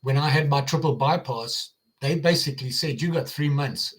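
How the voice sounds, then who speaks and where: A man's voice: fairly high pitch, normal speed. Chatty older Midwestern man on a live stream. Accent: American Midwest. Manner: chatty and rambling, with frequent fillers, restarts and laughs. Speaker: channel host on a live stream. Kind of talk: casual live-stream chat.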